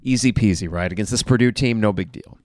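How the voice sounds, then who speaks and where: A man hosting a live game reaction podcast, blunt and frustrated, who swears and flares into shouting. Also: lowish voice, fast, no room sound, clean studio sound.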